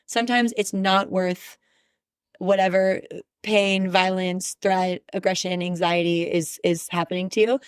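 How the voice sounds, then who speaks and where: A woman's voice: fairly low pitch, steady tone, a little slow, smooth, no room sound, clean studio sound. A woman guest on a podcast who speaks candidly and with emphasis, sharing her views in casual conversation. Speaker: podcast guest, relationship expert.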